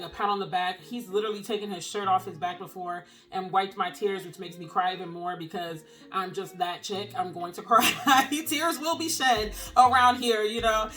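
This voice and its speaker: A woman's voice: mid-range voice, bright, forceful tone. A young single-mom vlogger talks straight to camera, earnest and openly emotional. Her phrasing is casual and encouraging, and faint music plays underneath her voice. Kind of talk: heartfelt encouraging talk to camera.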